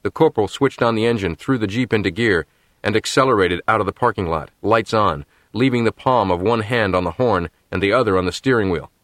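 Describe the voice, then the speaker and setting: Low-voiced man narrating an audiobook. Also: no echo, studio quality. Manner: measured, steady storytelling. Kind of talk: scripted narration.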